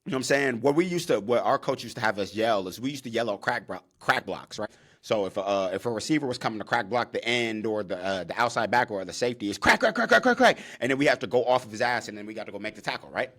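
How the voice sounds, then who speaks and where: A young man hosting his own podcast, talking casually and with animation, jumping into loud acted-out on-field calls. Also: fairly low pitch, quick pace. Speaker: podcast host, former college defensive back.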